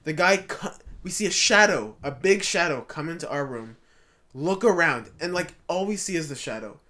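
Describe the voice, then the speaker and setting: A man's voice: fairly high pitch, expressive, moderate pace, bright, forceful tone. A young man hosting a podcast, telling a story in casual chat, rambling with lots of fillers and restarts. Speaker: podcast host.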